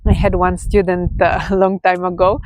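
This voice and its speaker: A woman's voice: lowish voice, little pitch movement, darkish tone, no echo. Bulgarian-accented woman teaching, dry sound. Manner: checks in often with "okay?" and repeats key words slowly. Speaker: language teacher. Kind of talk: casual explanatory lesson.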